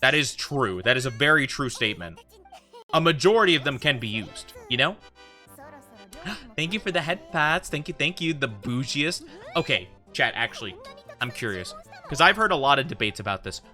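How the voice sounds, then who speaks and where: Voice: medium pitch, big pitch swings, moderate pace, sharp tone, faint music behind. A VTuber streamer in rambling casual chat with viewers during a game stream.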